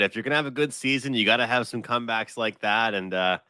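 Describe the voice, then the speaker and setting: Betting expert guy, bright punchy voice, dry close mic, chatty storyteller. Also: medium pitch, fast, clear, resonant tone, no echo. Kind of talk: casual sports betting chat.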